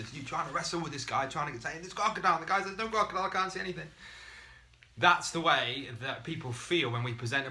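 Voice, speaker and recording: A man talks quickly and brightly, giving a motivational business talk to his team. He tells stories in a lively, conversational way, and his voice has a forceful edge. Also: medium pitch. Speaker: business presenter.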